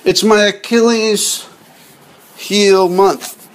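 Speaking very slowly in a high voice with fairly even intonation, a man hosts a podcast and jokes his way through TV clips. He refers to his listeners as "gang" throughout this casual comic monologue.

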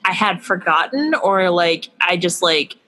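A woman's voice: lowish voice, lively intonation, measured pace, sharp tone, poor audio. A woman co-hosting a casual book chat, gushing and rambling with lots of fillers. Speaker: podcast co-host.

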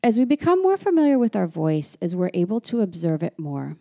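A warm American woman with a fairly low, sing-song voice speaks fairly quickly, with some vocal fry. She's a French culture teacher from the United States giving a casual teaching monologue. Her talk is chatty and reflective, full of asides.

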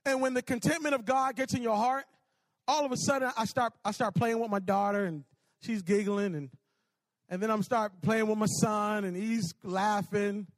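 High voiced guy preaching, lively and repetitive, laughs at his own stories, dry sound. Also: normal speed, dry recording. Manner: animated, repetitive storytelling with laughs. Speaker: pastor. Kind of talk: sermon.

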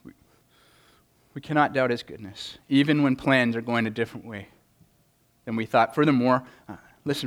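A man's voice: medium pitch, moderate pace, pauses often. A man preaching a sermon, earnest, often repeating words as he starts a thought. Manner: earnest, stammering repetitions, voices quoted speakers. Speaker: pastor.

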